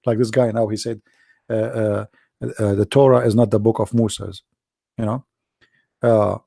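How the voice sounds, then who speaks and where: A hoarse man talks through a loose, rambling commentary full of "uh" and "you know". His voice is gravelly and dark. The recording is dry, with no room sound. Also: medium pitch, dry recording. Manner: animated, repetitive, many fillers and restarts. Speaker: debate show host. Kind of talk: casual commentary monologue.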